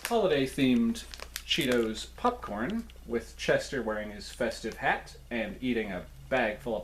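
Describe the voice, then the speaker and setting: Man, easygoing snack reviewer, playful asides, mid-pitched voice, light hiss behind. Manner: chatty and playful, jokey asides. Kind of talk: casual solo review.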